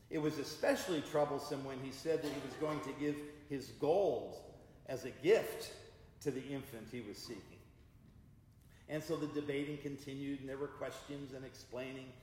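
A male pastor preaching a sermon in a church, measured and deliberate. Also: mid-range voice. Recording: echoey church hall.

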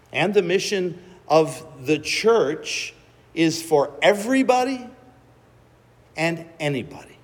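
A man preaching a sermon, telling the story slowly and dramatically with acted-out quotes. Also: on the high side, slightly rough, big-room sound.

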